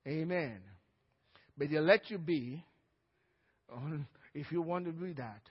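A man's voice: a little high, slow pace, slightly rough. A male pastor preaching a sermon in church, emphatic, often calling for an amen. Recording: dull, echoey church hall.

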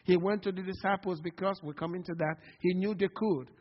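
Impassioned pastor preaching in a reverberant church. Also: male voice, high voice, fairly even intonation, brisk. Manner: impassioned preaching, calls of "Amen?" to the congregation. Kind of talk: sermon. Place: church sanctuary. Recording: long hall reverb, dull lo-fi sound.

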